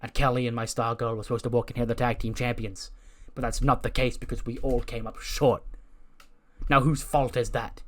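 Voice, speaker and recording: A man's voice: mid-range voice, level tone, brisk, fairly bright tone, natural voice. A man putting on a pompous vain wrestling diva. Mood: gloomy. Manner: pompous, backhanded praise. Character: vain self-absorbed female wrestling star.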